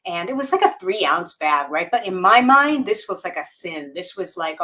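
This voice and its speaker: A woman guest on a podcast interview, telling a personal story candidly and haltingly, with many fillers and restarts. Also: lowish voice, expressive, sharp tone. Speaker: guest author.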